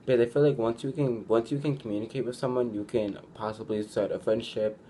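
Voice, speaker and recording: Medium-pitched and warm, the young man's voice stays steady as he talks a little fast. As a vlogger, he gives his viewers easygoing advice, peppering it with "like," restarting often, and acting out what people say. Slight background noise is present.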